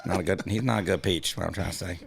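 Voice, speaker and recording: Man putting on a folksy Georgia-accented peach, low gravelly voice. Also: steady tone, fast talker, over music. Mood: friendly. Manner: folksy, drawling, friendly. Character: friendly chatty male peach on a tree.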